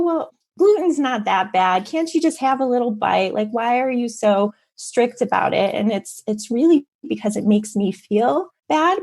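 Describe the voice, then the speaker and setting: A woman talking on a podcast interview, her voice carrying a slightly gravelly, fry-touched texture. She explains things steadily and in detail, at a medium pitch. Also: a little mellow. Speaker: author guest.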